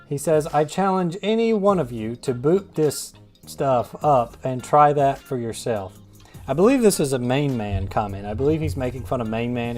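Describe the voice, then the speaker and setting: A man with a medium-pitched, darkish voice hosts a gaming channel, offering casual gameplay commentary. He reads viewer comments in a wry, rambling, self-deprecating way.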